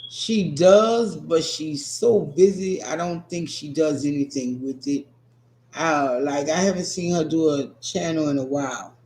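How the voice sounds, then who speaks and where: Slow-drawling New man, echoey room. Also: fairly high pitch, darkish tone, a little hiss or hum. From New Orleans. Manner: profane, teasing, laid-back drawl. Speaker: streamer answering chat. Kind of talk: casual livestream chat.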